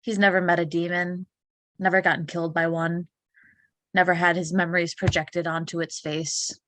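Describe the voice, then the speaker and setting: A woman playing a tabletop game, chatting casually with quick, swearing remarks. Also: on the low side, flat delivery, fairly bright tone. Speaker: player.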